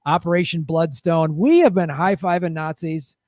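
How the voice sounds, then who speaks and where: High-voiced sarcastic American man. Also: measured pace, a little mellow, no echo, clean studio sound. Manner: sarcastic, reads article aloud with mock cheer. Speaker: podcast co-host. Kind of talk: sarcastic political chat.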